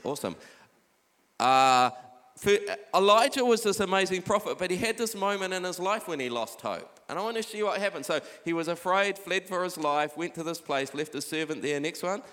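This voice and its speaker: A male pastor delivers a relaxed, conversational sermon at a moderate pace, his voice sitting slightly high. Between stories he reads scripture, and the sound trails into a long church-hall reverb.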